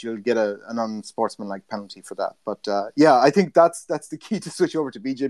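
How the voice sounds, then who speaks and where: Male journalist co-host, calm explainer, mid-range voice. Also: medium pitch. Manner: measured, explanatory, with fillers. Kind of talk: casual podcast discussion.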